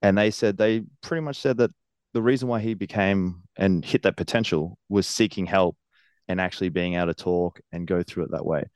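A man's voice: low-pitched, a little fast, darkish tone, smooth, dry recording. A man, a professional wrestler speaking earnestly in a casual interview and laughing often.

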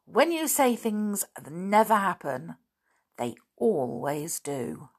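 A woman reading the part of an excitable schoolgirl who eagerly chimes in. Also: mid-range voice, takes it slowly, husky, exaggerated voice.

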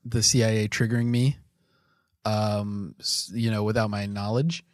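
A man's voice: lowish voice, level tone, a little slow, dry recording, clean studio sound. A man co-hosting a casual comedy podcast, tossing off playful quips. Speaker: podcast co-host.

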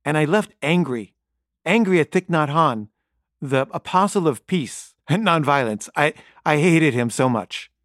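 A man's voice: a little high, expressive, measured pace, fairly bright tone, dry recording, studio quality. A man telling a wry, exasperated story in a casual monologue.

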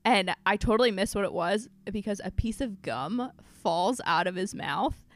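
Young woman, giggly and candid storyteller, bouncy higher voice, dry close sound. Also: animated, normal speed, no room sound. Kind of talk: casual chat, storytelling.

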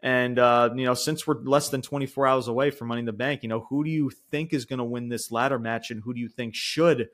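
A man hosting a casual wrestling podcast, talking in long rambling runs full of swearing. He laughs as he goes, and his pitch shoots up when he gets worked up. The delivery is loose and chatty. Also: fairly even intonation, fast talker, few pauses, a bit bright. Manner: rambling, profane, laughs often, mimics voices high-pitched. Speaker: podcast co-host.

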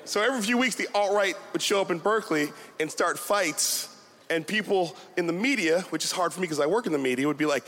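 A man performing a stand-up comedy set, telling animated stories and mocking voices. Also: sits high, quick pace. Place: comedy venue with a live audience. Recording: loud crowd and noise.

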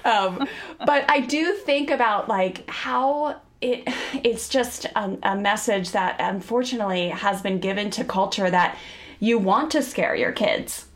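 A woman's voice: medium pitch, measured pace. Earnest, chatty woman podcast host. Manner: chatty, earnest, laughs often. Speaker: podcast host and parenting educator. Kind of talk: casual podcast conversation.

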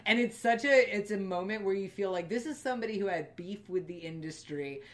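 A woman's voice: mid-range voice, brisk. A woman co-hosting a casual film review podcast, talking thoughtfully with many fillers and restarts. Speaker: podcast co-host.

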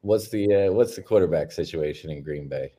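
Very deep, mellow joking man. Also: a little fast, slightly rough. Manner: laid-back, joking storyteller. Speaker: podcast co-host. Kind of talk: casual podcast chat.

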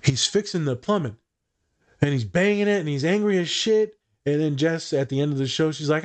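A man's voice: on the high side, brisk. Fields: Sex: man. Role: podcast therapist. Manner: casual, swears freely. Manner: swears freely, quotes others in animated voices, repeats words.

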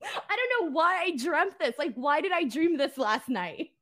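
A woman co-hosting a casual wrestling podcast, playful and quick to laugh as she reads out viewer comments. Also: high-pitched, lively intonation, a bit bright. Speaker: podcast co-host.

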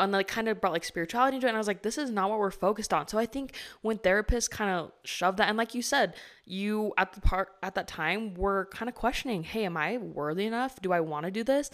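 A woman's voice: mid-range voice, fairly bright tone. A young woman hosting a podcast in casual interview chat, talking in a chatty way full of "like". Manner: chatty, heavy use of "like", conversational. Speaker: podcast host.

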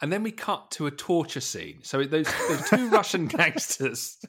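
A man's voice: on the high side, sing-song, normal speed, fairly bright tone, slightly rough. A man co-hosting a podcast, recounting film scenes in casual chat and laughing often. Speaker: podcast co-host.

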